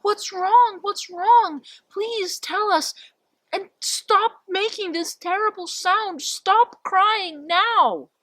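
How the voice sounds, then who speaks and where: A woman storyteller playing a band of caring jungle animals, their voice pitched high and pressing. They talk as worried, devoted friends in a spoken folk tale, with a dry, close sound. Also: very slow, a bit bright, dry recording, far from the mic, exaggerated voice. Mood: pleading. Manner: high, pleading, urgent.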